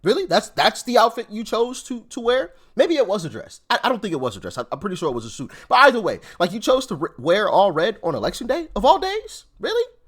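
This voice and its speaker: A man's voice: high voice, huge pitch swings, fast. A man hosting casual reaction commentary, asking rhetorical questions in disbelief. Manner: incredulous, repetitive rhetorical questions. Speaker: commentary channel host.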